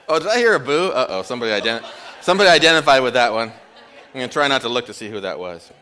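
A man's voice: mid-range voice, animated, quick pace, sharp tone. Sex: man. Role: guest preacher. Style: sermon with a told joke. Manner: casual, conversational.

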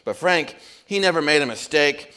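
Figure: chatty male cab driver, as a man puts him on. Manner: gushing, rambling, high-pitched and loud. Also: animated, moderate pace, clean tone.

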